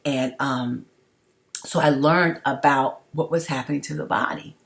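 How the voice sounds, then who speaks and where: A woman's voice: very deep voice, fairly even intonation, measured pace, creaky. A middle-aged woman talking straight to her viewers in a personal vlog, emphatic and repetitive, often checking in with "okay?". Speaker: vlogger.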